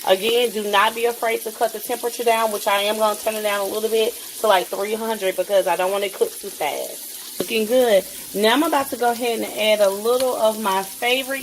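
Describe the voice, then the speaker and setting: A woman's voice: medium pitch, a little hiss or hum. A woman vlogger talking viewers through a home cooking tutorial in a chatty way, calling them guys and stammering now and then.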